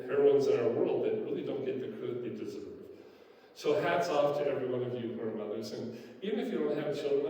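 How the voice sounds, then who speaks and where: Older pastor, mellow, echoing hall. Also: male voice, medium pitch, dull audio, slight background noise. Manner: folksy, anecdotal storytelling with filler words. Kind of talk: sermon. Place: church sanctuary. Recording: echoey church hall, distant mic.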